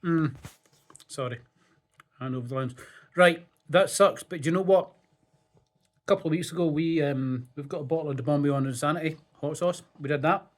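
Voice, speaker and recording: A man's voice: fairly high pitch, brisk, pauses often. Laid-back Scottish man, cooking vlog. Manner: laid-back, swears freely, many fillers. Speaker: home cook and channel host. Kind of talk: casual cooking vlog narration.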